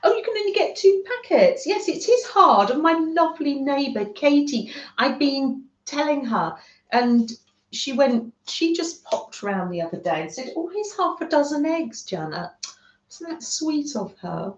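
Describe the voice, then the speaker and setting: A woman's voice: high voice, animated, a little slow. Gushing woman in a roomy lo-fi stream. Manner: gushing, warm chatter with viewers. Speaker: craft livestream host. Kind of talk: chatty craft livestream. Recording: roomy, dull lo-fi home stream audio.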